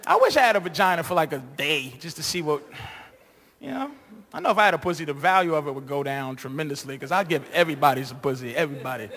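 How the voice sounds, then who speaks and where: A man doing a crude, rambling stand-up comedy set on a live stage, shouting his punchlines and acting out voices. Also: on the high side, lively intonation, quick pace.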